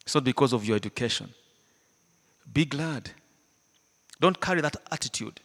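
A man preaching a sermon, animated, swinging between loud emphatic lines and hushed ones, often laughing. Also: medium pitch, normal speed, long pauses. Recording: hall reverb.

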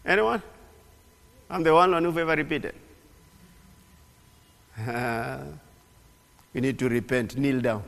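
A man preaching a sermon in an animated way, repeating phrases and often restarting. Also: mid-range voice, slow, gravelly, long pauses. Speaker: pastor. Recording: long hall reverb.

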